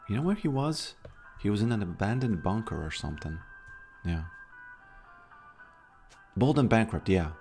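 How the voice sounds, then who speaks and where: A man's voice: low voice, a little mellow. A man chatting casually on a live stream, rambling and hesitant with many restarts.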